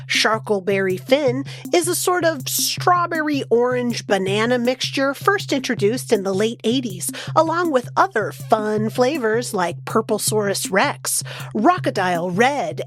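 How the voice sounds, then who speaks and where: Higher-voiced enthusiastic woman co-host. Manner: enthusiastic, giggly, lots of fillers. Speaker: podcast co-host. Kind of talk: casual chat.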